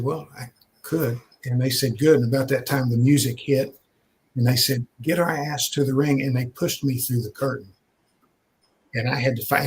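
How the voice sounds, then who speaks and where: An older man from Texas, telling stories in a casual way with many pauses and restarts. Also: mid-range voice. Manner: conversational, many "uh" and repeated starts. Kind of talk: casual storytelling.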